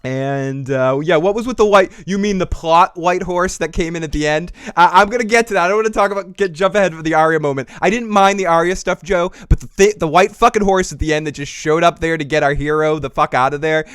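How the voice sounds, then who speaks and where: A man hosting a casual TV recap podcast, animated and profane, laughing often and taking calls. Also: a little high, fast, hardly any pauses, smooth, no echo, clean studio sound. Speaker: podcast host.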